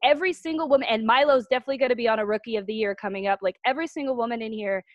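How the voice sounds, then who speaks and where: A woman wrestler giving a proud shout-out on a group video call. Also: on the high side, very fast, no echo, lo-fi sound.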